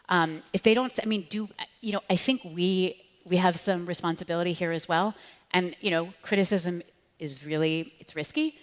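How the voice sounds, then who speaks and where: A woman talking with fervent conviction in a live onstage conversation, sometimes slipping into the voices of the people she quotes. Her voice sits a little low and rings out with a long reverb, as if in a large hall. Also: fairly quick. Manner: impassioned, animated, acts out quoted voices. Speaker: author and speechwriter, guest.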